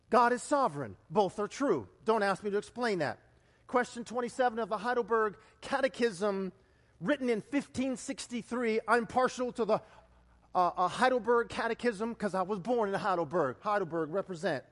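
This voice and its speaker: A man preaching a sermon as a pastor, telling stories in an animated way that swings from loud exclamations to hushed low lines. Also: normal speed. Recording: long hall reverb.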